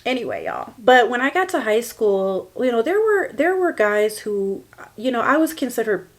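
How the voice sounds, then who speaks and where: A woman's voice: a little high, wildly swooping pitch, normal speed. A woman in her forties hosting a personal podcast, telling her own story in a candid, emotional way. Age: 40s. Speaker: podcast host.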